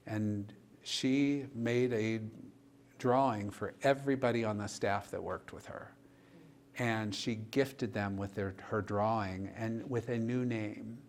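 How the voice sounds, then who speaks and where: A male pastor telling a story in a church discussion, vivid and animated, acting out the dialogue he quotes. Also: on the low side, takes it slowly, a little hiss or hum.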